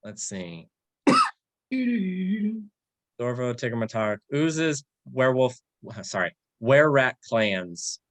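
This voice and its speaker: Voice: mid-range voice, expressive, takes it slowly. A player at a tabletop game, talking casually and speaking in character in a wordy, self-correcting way.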